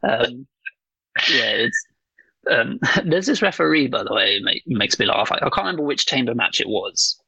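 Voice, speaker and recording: A man's voice: mid-range voice, sing-song, normal speed, gravelly, bright, forceful tone, slightly rough, no echo, low-quality recording. A man co-hosting a wrestling podcast in casual chat, rambling with lots of ums, swearing casually and laughing.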